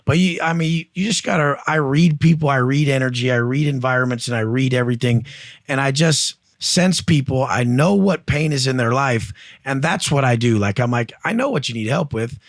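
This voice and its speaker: A man's voice: mid-range voice, a little fast, no room sound, clean studio sound. A man coaching and telling stories on a podcast, blunt and profane, acting out other people's voices as he goes. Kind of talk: casual podcast conversation.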